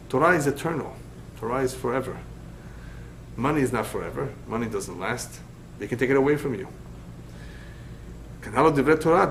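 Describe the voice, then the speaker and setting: A man's voice: medium pitch, slight background noise, rough recording. A middle-aged man, a rabbi, giving a Torah study lecture, emphatic and fond of repeating his key points. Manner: lively storyteller.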